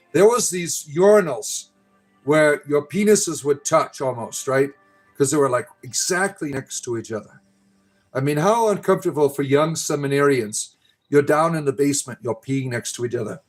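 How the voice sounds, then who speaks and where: A middle-aged man hosts a casual livestream, joking and rambling through viewer comments and often tagging his lines with "right?". His voice sits a bit higher than most men's, and faint music plays in the background. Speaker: livestream host.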